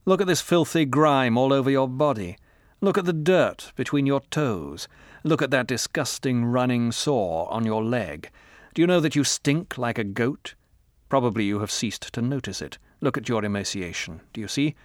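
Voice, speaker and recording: A man's voice: mid-range voice, animated, moderate pace, dry recording, clean studio sound, lightly acted. A man voicing a cold, menacing middle-aged male interrogator in an audiobook, with a harsh, commanding, contemptuous manner. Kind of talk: audiobook character reading.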